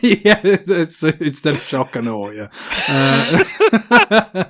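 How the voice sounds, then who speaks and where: A man co-hosting a podcast, chatting casually with halting restarts and frequent laughs. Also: a little high, very animated, fairly bright tone. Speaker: podcast co-host.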